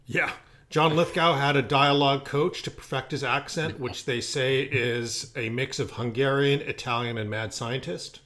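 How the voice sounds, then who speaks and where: A man's voice: mid-range voice, fairly even intonation, fairly bright tone. A man hosting a podcast, reading out trivia and scores in a casual, playful way. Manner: playful, quick-witted. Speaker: podcast host.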